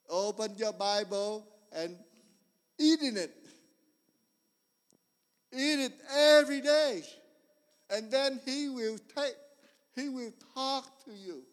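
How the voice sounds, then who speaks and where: A man preaching a sermon in earnest, repetitive, non-standard English, swinging between loud emphasis and quiet storytelling. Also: high-pitched. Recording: long reverb of a large hall.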